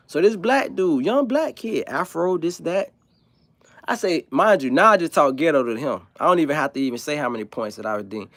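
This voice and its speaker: A man who grew up in South Florida, hosting a livestream and talking in a blunt, profane, animated way. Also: on the high side, brisk, no room sound. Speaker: livestream host. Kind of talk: casual opinionated monologue.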